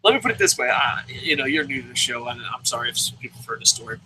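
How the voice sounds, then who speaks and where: A man hosting a casual wrestling review, talking in animated bursts and swearing freely. His voice is bright and lively, rising and falling a great deal. A faint room ambience sits behind him. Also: mid-range voice, fast, a little hiss or hum, low-quality recording. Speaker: wrestling review show host. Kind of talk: casual chat.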